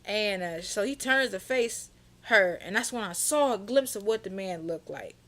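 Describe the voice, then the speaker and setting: A young woman telling a storytime vlog in a sassy, animated, slang-filled way. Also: medium pitch, normal speed. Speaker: vlogger.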